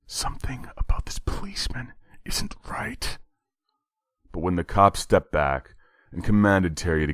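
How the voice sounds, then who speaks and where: A man narrating a horror short story in a measured, dramatic read. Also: extremely low pitch, no echo, studio quality.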